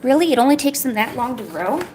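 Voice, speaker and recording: A woman's voice: high voice, lively intonation, fast, darkish tone, a little hiss or hum. Woman teasing her cat on a livestream. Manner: playfully teasing, scolds her cat in a mock-stern voice. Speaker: art livestreamer. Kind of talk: casual livestream chat.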